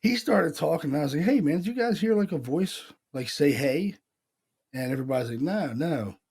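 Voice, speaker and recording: His voice is slightly high, gravelly, a bit mellow and slightly rough, with lively intonation and a brisk pace. He's a Pennsylvania man co-hosting a paranormal podcast, chatting casually, telling stories loosely, impersonating voices he heard, and swearing now and then.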